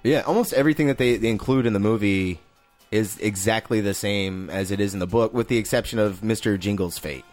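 A man's voice: fairly low pitch, a little fast, darkish tone, faint music behind. A man co-hosting a casual movie review podcast, laid-back and swearing, arguing his points. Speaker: podcast co-host.

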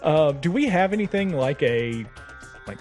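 A man's voice: on the high side, lively intonation, measured pace, darkish tone, soft background music. Playful male tabletop player. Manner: playful, laughs often. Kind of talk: tabletop role-play.

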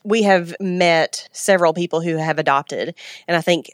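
A woman's voice: lowish voice, normal speed, no room sound, clean studio sound. A woman guest speaking in earnest, reflective casual chat. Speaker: interview guest.

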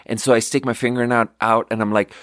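A man hosting a podcast, telling stories in a rambling, self-interrupting way with lots of fillers and bursts of giggly excitement. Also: mid-range voice, fast, no echo, studio quality. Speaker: podcast host; restaurant front-of-house worker. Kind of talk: casual chat, storytelling.

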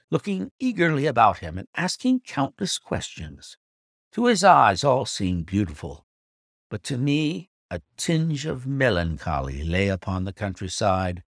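A man reading a classic novel aloud as an audiobook narrator, in measured, expressive storytelling. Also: fairly low pitch, no echo, clean studio sound. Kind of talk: scripted narration.

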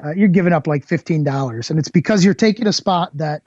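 Podcast guest, man, calm explainer, muffled dry audio. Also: fairly high pitch, fast talker, dry recording. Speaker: tournament organizer on a podcast. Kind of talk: casual chat.

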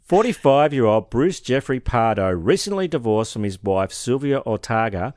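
A man's voice: medium pitch, sing-song, normal speed, a little mellow, no echo, clean studio sound. A man co-hosting a podcast, reading out a case, stumbling over names and cracking crude jokes. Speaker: podcast co-host, story reader. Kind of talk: casual chat and reading a case.

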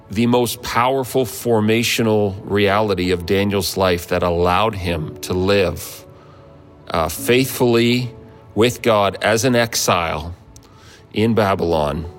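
A man, a pastor, giving an earnest introduction to a sermon. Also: lowish voice.

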